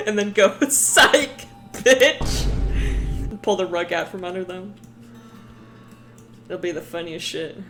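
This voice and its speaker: A woman's voice: lowish voice, steady tone, normal speed, pauses often, faint music behind. A woman streaming casually, rambling about her worldbuilding with frequent laughter and swearing.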